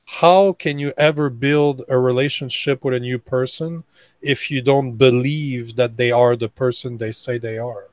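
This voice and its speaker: A man speaking as a guest on a podcast interview, blunt and emphatic, lecturing with slow deliberate stresses. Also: mid-range voice, steady tone, no echo. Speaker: guest, men's coach.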